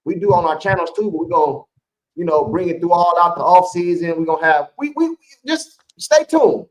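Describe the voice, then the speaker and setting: A man's voice: sits high, expressive, fairly quick, low-quality recording. A man co-hosting a live sports stream, chatting casually in slang with his viewers and laughing often.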